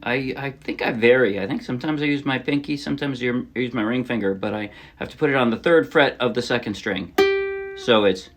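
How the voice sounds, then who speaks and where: A man teaching a song on ukulele in a relaxed, casual way, often correcting himself as he explains. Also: mid-range voice, fairly quick, faint music behind. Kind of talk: casual instructional talk. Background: his own ukulele playing.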